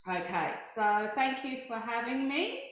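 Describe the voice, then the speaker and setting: A woman's voice: a little high, animated, unhurried, noisy background. A woman facilitating a laughter wellness session over a video call, giving encouraging step-by-step cues for breathing and laughing. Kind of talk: guided group exercise instruction. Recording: very echoey online call.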